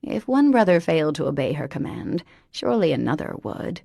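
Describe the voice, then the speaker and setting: A woman narrating a romance audiobook in an even, unhurried storytelling manner. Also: low-pitched, creaky, no room sound, studio quality. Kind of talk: scripted narration.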